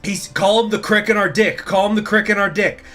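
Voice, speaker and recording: A man's voice: sits high, fairly quick, faint music behind, pitched above the performer's own voice. A man doing a rowdy drunk Cossack. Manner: excited, gossipy, jeering.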